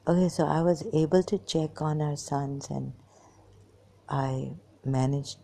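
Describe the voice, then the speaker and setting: An exhausted woman talking into a hand-held phone in a halting, hesitant way, often slipping into whispers. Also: deep voice, fairly even intonation, creaky, dark tone. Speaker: vlogger. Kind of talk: personal monologue to camera.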